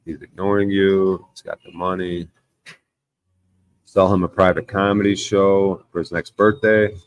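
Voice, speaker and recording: A man's voice: deep voice, level tone, measured pace. A man hosting a livestream, reading the chat aloud and arguing insistently, with plenty of swearing. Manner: argumentative, insistent, swears a lot. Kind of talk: casual profane livestream rant.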